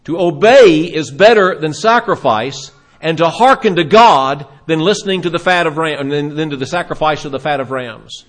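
A man delivering a sermon in a fairly high voice. He retells scripture stories with drama and briefly acts out the people in them. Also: expressive, brisk, a bit bright. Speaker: preacher.

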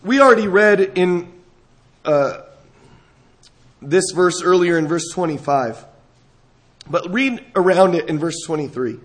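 A man preaching a sermon, reading scripture and talking it through, rising to emphatic peaks and dropping low. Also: expressive, measured pace, pauses often. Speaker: pastor.

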